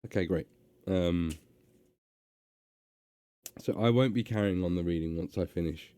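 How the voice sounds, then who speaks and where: A man reading a story aloud and chatting on a live stream, relaxed with many hesitations. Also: low voice, unhurried, smooth, dry recording.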